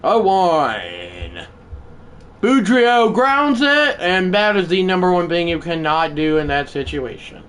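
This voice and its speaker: A streamer giving live commentary on a baseball video game, quickly frustrated, talking back to the game and bursting into shouts. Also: mid-range voice, clean tone.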